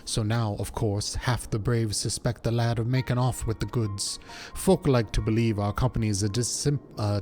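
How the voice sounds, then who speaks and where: A man reading as a gruff, blunt mercenary officer. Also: fairly low pitch, dark tone, close to an everyday voice. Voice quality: rough working-class dialect as written. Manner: plain read-aloud delivery.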